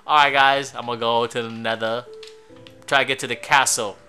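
A middle-aged man hosting a casual let's-play with his kid, excitable and slangy, laughing often. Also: mid-range voice, brisk, soft background music. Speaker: gaming channel host and father.

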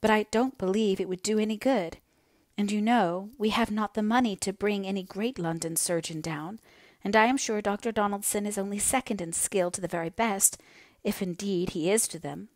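A woman reading the lines of a gentle young heroine grieving over her mother, in a subdued, earnest tone. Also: mid-range voice, normal speed, no room sound, clean studio sound, close to an everyday voice.

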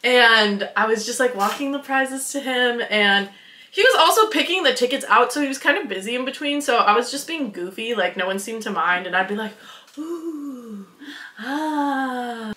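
A woman's voice: on the high side, animated, fairly quick, bright, forceful tone, echoey room. A young woman from Wisconsin telling a story to her vlog, bubbly and giggly, full of "like" and acted-out quotes. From Wisconsin, USA. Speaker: vlogger. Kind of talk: casual storytelling.

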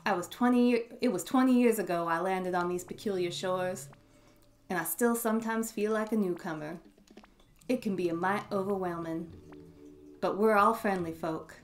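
A woman's voice: mid-range voice, normal speed, lightly acted. A woman voicing a friendly older male shopkeeper in a game, with a drawling old-timer manner. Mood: folksy.

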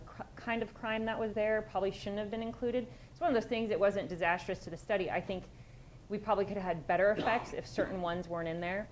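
A woman's voice: medium pitch, a little hiss or hum, poor audio. A woman police sergeant giving a conversational conference presentation, direct and plain-spoken, with frequent restarts.

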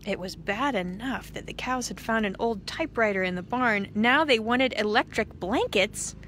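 A woman priest reads a picture book aloud to children, animated and expressive, adding playful sound effects. Her voice is a little high and her pace moderate, with slight background noise.

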